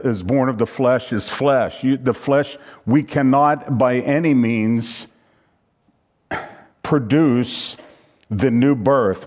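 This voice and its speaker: A man's voice: medium pitch, darkish tone. A man preaching a sermon, reading scripture aloud and teaching from a handout with emphatic repetition.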